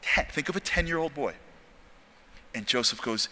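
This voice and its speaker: A man giving a storytelling sermon talk at a convention, animated and jokey, acting out dialogue. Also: medium pitch, normal speed. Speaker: speaker at a convention. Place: large convention hall. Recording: long hall reverb.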